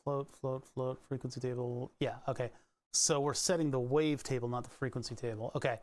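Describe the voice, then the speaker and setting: A man's voice: medium pitch, steady tone, a little fast, a little mellow. A man from Pennsylvania hosting a casual live stream, thinking aloud as he works through code, rambling with restarts and asides. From Pennsylvania, USA.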